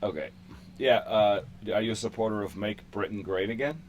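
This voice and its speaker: A man's voice: lowish voice, normal speed. A man in his thirties hosting a casual online chat, joking and laughing at his own guesses, talking through a headset. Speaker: host chatting with a stranger online. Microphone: headphones with push-to-talk.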